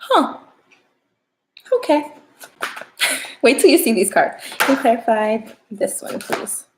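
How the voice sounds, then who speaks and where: A woman's voice: a little high, sing-song, slow pace, background noise. A young woman doing a casual, playful tarot reading on a livestream, chatting straight to her viewers. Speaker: tarot reader.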